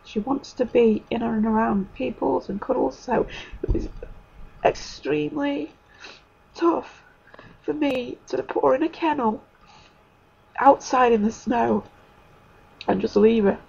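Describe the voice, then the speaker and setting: A woman giving an emotional spiritual testimony, halting, with many pauses and fillers. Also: on the high side, creaky, a little mellow, slightly rough, dull audio. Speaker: spiritual speaker.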